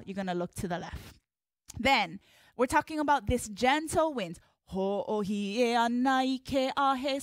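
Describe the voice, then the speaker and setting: Recorded with studio quality and no echo, this woman's higher-pitched voice guides a live hula class. She cheerfully calls the steps, blending Hawaiian terms into English directions.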